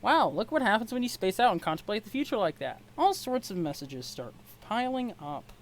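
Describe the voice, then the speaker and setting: A chatty host reads a webcomic aloud in an easy, middle-pitched voice. The talk rambles, full of self-mocking jokes and offhand asides. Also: sing-song, a little fast, slight background noise. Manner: rambling, self-deprecating, jokey. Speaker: webcomic read-along host. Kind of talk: casual comic read-aloud with asides.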